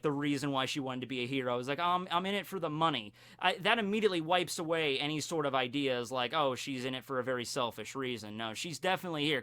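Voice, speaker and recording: An anime commentary YouTuber talks through an episode in casual commentary, excitable and animated, with the occasional curse. His voice is high and bright with a cutting edge.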